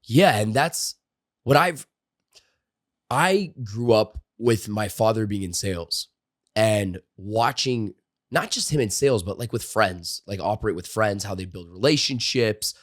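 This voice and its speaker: A man who trains salespeople, a podcast guest telling stories in a lively way and using many casual fillers. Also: lowish voice, a little slow, dry recording, studio quality. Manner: animated storyteller, frequent "like" and "you know" fillers. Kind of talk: conversational storytelling interview.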